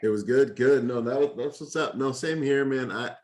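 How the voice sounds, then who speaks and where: A man from the Bahamas who hosts a podcast, talking in an animated, joking way in casual conversation. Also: medium pitch, moderate pace. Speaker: podcast host.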